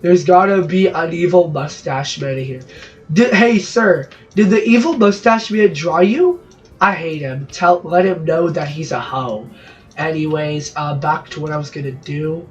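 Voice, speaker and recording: A fairly high-voiced man from Brazil rambles through gameplay commentary, cracking jokes and cutting himself off mid-thought. His voice sounds a little distant and dull, as if from a low-fi mic, and faint music plays underneath. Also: a little slow. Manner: rambling, jokey, self-interrupting asides. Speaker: gaming channel host.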